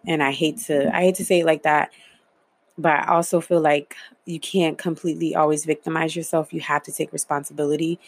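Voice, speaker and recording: Candid, low-voiced woman telling her story. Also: vocal fry, slightly rough, no room sound. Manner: candid, swears freely, many fillers. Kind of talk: casual personal storytelling.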